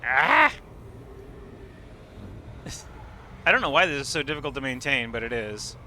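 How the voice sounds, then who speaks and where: A man's voice: medium pitch, sing-song, measured pace, pushed and bright, a little hiss or hum. A man streaming a game live, explaining what he sees with enthusiasm and casual swearing. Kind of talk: live gameplay commentary.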